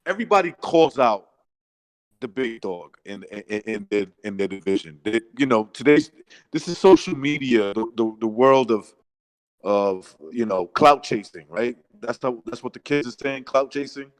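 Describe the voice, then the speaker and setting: A man's voice: mid-range voice, expressive, moderate pace, no room sound, low-quality recording. A man co-hosting a boxing podcast, rambling and loose, with slang and swearing. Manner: rambling, says bro and dude, swears. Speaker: podcast co-host. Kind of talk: casual boxing chat.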